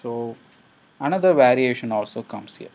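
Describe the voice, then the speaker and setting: A man's voice: medium pitch, lively intonation, moderate pace, darkish tone. A man explaining a coding tutorial as he works, thinking aloud with frequent hesitations. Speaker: programming instructor.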